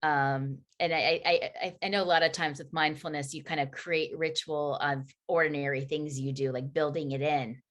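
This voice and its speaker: A woman's voice: low voice, steady tone, moderate pace, hardly any pauses, a bit bright. A woman hosting a casual video call, chatty and loose with her words. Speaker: host.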